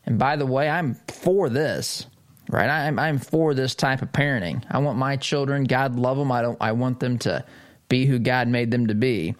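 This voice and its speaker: A middle-aged male host talking through the news in a loose, opinionated way. His voice sits at a medium pitch but leaps up in sarcastic bursts. He sounds animated and mocking, like someone making his case to listeners. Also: normal speed. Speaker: host of a political commentary show. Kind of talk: opinion commentary, reading and reacting to an article.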